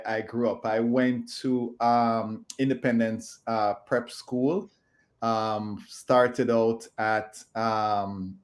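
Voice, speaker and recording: This is a man in his fifties, talking as an interview guest at a mid-range pitch. He speaks in a halting way, full of ums and restarts. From Jamaica. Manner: halting, filler-heavy speech. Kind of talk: casual interview talk.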